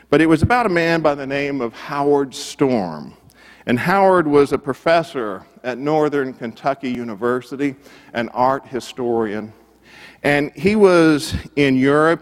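A man delivers a sermon as a story, earnest and steady in a middle pitch. He repeats phrases for weight and drops his voice to a hush at the key moments. His words ring with a long reverb, as in a church sanctuary. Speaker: preacher.

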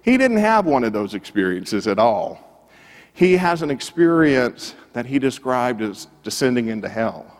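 Earnest preacher in a reverberant hall. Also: male voice, medium pitch. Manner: earnest, repeats phrases for emphasis, drops to a hush at key moments. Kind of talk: sermon storytelling.

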